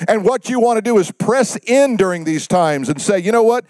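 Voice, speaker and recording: A male pastor delivering a sermon, pausing for effect and dropping his voice low for God's words. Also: expressive, a little mellow, no room sound. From United States.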